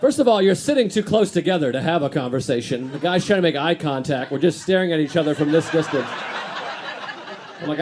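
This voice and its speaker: A man's voice: fairly high pitch, lively intonation, a little fast, noisy background. A man doing a stand-up comedy set on stage, talking in a dry, grumpy, self-deprecating way. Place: comedy stage before a live audience.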